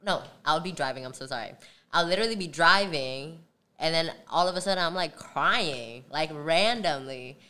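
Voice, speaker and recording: A woman's voice: low-pitched, animated, normal speed, pushed and bright. A woman guest on a casual podcast, talking candidly in slangy speech and swearing freely. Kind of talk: casual chat.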